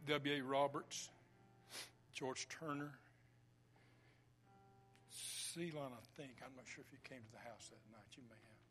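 A man preaching a sermon, swinging between loud declarations and hushed whispers. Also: medium pitch, fairly even intonation, unhurried, pauses often, faint music behind.

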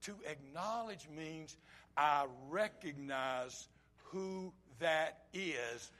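A man with a notably high voice preaches a sermon. He moves between loud, emphatic lines and quiet, low asides, and slips into short acted-out bits of dialogue. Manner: acts out short quoted dialogue.

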